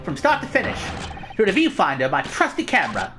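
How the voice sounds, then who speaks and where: A woman's voice: fairly low pitch, wildly swooping pitch, quick pace, voice pushed up. Lady doing a chirpy newsboy reporter guy, slight british accent, voice bouncing all over, game music under it. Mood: eager. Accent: slight put-on British. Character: eager young male newsboy reporter.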